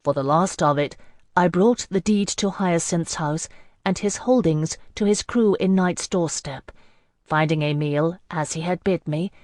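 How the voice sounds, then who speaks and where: A woman reads a fantasy audiobook in the first person, measured and even. Her voice is low for a woman. The recording is close and completely dry. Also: no room sound. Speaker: audiobook narrator.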